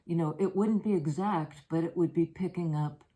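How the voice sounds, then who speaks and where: Soft-spoken older woman, mellow and low. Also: normal speed, rough recording. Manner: soft, meandering and personal, with many fillers. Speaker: tarot reader. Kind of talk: reflective spoken reading. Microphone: handheld or propped camera.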